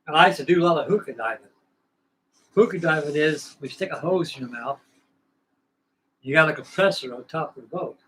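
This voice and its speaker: A man's voice: fairly high pitch, fairly bright tone, low-quality recording. A man hosting a scale-model building livestream, telling rambling, folksy stories in casual chat from his home workshop bench.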